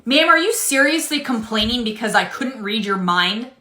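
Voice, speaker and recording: A woman's voice: fairly high pitch, animated, normal speed, pushed and bright. A woman playing a polite but firm cashier in a comedy skit, dry and unbothered. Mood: matter-of-fact. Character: patient, fed-up young woman cashier. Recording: roomy echo.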